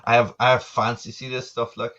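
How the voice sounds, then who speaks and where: A man's voice: medium pitch, little pitch movement, a little fast, fairly bright tone, dull audio. A middle-aged Irish man, a guest chatting on a video call, joking and poking fun at himself. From Ireland. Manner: jokey, self-mocking, laughs at his own lines. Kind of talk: casual chat over a video call.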